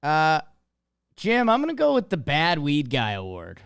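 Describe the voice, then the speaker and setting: A man's voice: a little high, huge pitch swings, unhurried, creaky, fairly bright tone, clean tone. A man co-hosting a sports podcast, easygoing and ribbing his partner playfully. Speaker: podcast co-host. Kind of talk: casual sports podcast banter.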